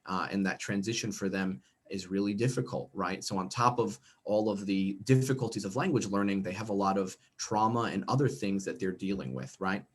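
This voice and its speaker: Brisk, with few pauses, a middle-aged man from the United States speaks in a slightly rough voice on the low side. His video-call workshop trains teachers in a conversational professional development presentation, dotted with frequent "okay?" and "right?".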